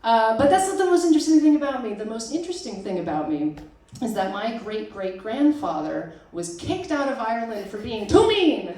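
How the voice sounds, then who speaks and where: A woman's voice: a little high, expressive, brisk, few pauses, mellow, slight background noise. A young woman performing a self-deprecating stand-up set at a small arts venue, laughing at her own jokes. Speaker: stand-up comic. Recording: echoey room, distant mic, audience laughter.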